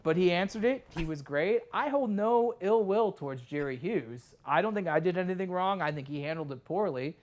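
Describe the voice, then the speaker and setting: Animated storytelling man, a bit high. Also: normal speed, few pauses. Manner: animated, acts out quoted lines. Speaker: sports reporter, podcast guest. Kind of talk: casual storytelling.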